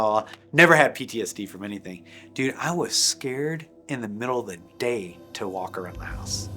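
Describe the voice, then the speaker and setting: A man telling an emotional personal testimony, rambling and intense, full of restarts and "like", sometimes sinking to a hushed low voice. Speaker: guest sharing a personal testimony.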